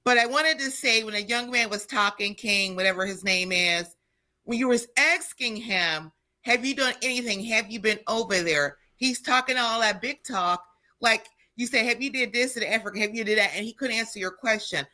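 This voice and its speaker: A woman's voice: on the high side, moderate pace, pushed and bright. A woman calling in to a live show, earnest and chatty, repeating phrases for emphasis. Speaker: caller, teacher. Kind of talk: phone-in caller.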